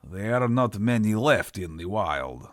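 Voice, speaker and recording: A man voicing a stern, curt Russian guide with a thick Russian accent who speaks slowly in few words. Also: fairly low pitch, sing-song, dry recording, clean studio sound.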